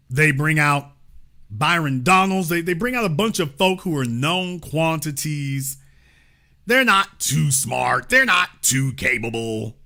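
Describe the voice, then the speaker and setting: A man's voice: on the high side, pushed and bright. A man hosting a political talk show, giving emphatic commentary and repeating his points for stress. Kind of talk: animated commentary to a live audience.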